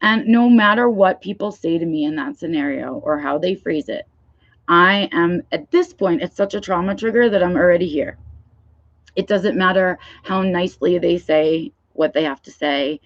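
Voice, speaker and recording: A woman's voice: fairly low pitch, normal speed, no room sound. Frank woman vlogging on dull lo-fi audio. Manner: frank, swears, keeps asking "right?". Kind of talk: candid livestream talk.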